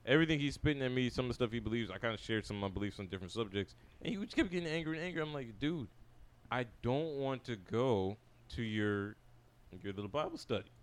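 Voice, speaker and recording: A young man casually telling a story to friends on a podcast, acting out the people he quotes. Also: mid-range voice. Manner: fast, animated anecdote telling with quoted dialogue. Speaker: podcast co-host.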